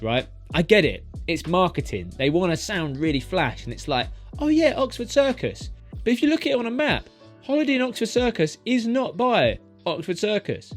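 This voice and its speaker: A man, a taxi driver chatting his way through his routes street by street in a driving vlog. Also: fairly high pitch. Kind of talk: narrated driving vlog commentary.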